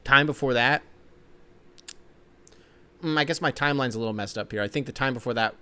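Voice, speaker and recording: A young man hosting his own solo sports podcast, rambling and swearing, jumping between excited outbursts and low grumbling. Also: brisk, smooth. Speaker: podcast host.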